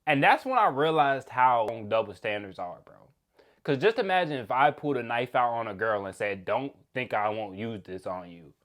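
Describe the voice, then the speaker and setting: Young man, animated, slangy, laughing storyteller. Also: mid-range voice, normal speed. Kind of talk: casual storytime monologue.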